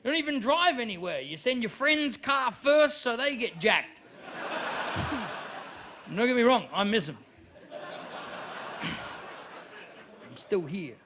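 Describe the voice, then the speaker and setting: A man from Australia with an Australian accent, doing a live stand-up set in an animated, mocking, profane manner. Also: extremely high pitch, takes it slowly, pauses often, background noise. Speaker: stand-up comedian. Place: live comedy venue.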